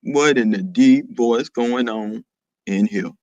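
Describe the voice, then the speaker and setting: A man putting on a gruff, deep-voiced grown man, slow and rumbling in a mock-serious way. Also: darkish tone, dry recording, natural voice.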